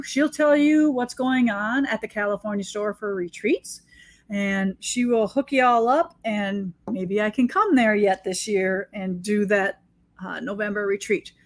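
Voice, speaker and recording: A woman quilting teacher chats through a sewing demonstration in an easy, mid-pitched voice. She sounds excited and pokes fun at herself as she works. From United States. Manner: chatty, enthusiastic, self-deprecating. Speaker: quilting teacher and shop owner. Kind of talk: casual craft demonstration.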